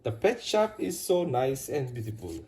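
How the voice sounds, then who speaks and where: A woman narrating a children's toy play story in a slow, simple, sing-song way. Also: very deep voice, very animated, very noisy.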